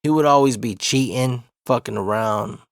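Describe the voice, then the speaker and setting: Gravelly man telling a profane story. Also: mid-range voice, normal speed, no room sound, studio quality. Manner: laid-back, animated, laughs through his story. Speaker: comedic storyteller.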